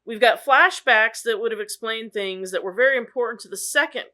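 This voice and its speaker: Bright-voiced woman podcast host, blunt and emphatic. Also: a little high, fairly quick. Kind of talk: casual chat about a movie.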